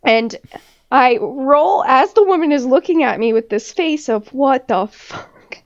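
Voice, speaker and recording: High-voiced woman telling a profane story. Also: lively intonation, a little slow. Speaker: podcast co-host. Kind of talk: casual chat. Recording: dull lo-fi recording.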